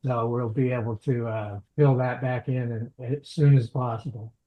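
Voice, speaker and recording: Relaxed male audio engineer guest. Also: mid-range voice, moderate pace, lo-fi sound. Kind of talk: casual interview talk.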